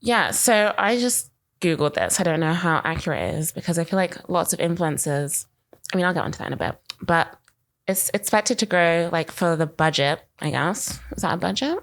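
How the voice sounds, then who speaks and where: A woman's voice: on the low side, expressive, normal speed. A young woman co-hosting a marketing podcast, chatting casually and rambling, filling her talk with "like". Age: young adult. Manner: chatty, rambling, uses "like" constantly. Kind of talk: casual chat.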